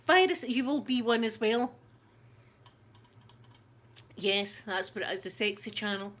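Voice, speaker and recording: In a relaxed, chatty session, a middle-aged Scottish woman who hosts a channel tells stories and laughs often. Her fairly bright voice is on the high side and expressive, and she speaks slowly with frequent pauses.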